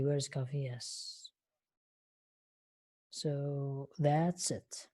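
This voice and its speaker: Slow, low-voiced woman teaching English online. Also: steady tone, dark tone. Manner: slow, patient, repeats words and questions for learners. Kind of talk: online live English lesson. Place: online class call.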